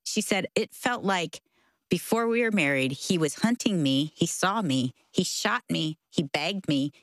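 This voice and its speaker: A woman's voice: on the low side, expressive, unhurried, no room sound. A woman in her sixties co-hosting a radio talk show, reacting expressively and asking questions. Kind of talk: conversational interview.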